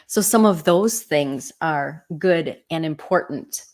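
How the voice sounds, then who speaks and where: Chatty middle-aged woman with a lowish voice. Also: slow pace, darkish tone. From Midwest US. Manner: chatty storyteller, frequent "right?" and "you know" asides. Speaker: real estate agent. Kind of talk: casual teaching talk.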